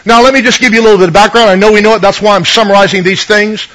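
A man with a fairly high voice preaches a conversational sermon, retelling scripture stories and calling for amens from the congregation. It sounds like a radio broadcast. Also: fairly even intonation, racing, fairly bright tone, low-quality recording. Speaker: pastor.

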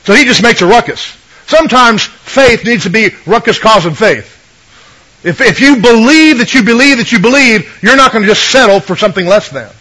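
A pastor with a fairly high, sharp voice delivers a brisk, conversational sermon with lively intonation, retelling scripture stories and asking the congregation for amens. It sounds like a rough radio broadcast recording.

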